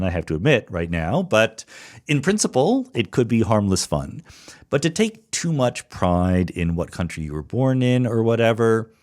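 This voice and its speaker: A man's voice: mid-range voice, a little mellow. An American man hosting a podcast, answering listener questions alone in a thoughtful, explanatory way and thinking aloud with small restarts. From United States, Philadelphia suburbs. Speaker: podcast host. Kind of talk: solo listener Q&A monologue.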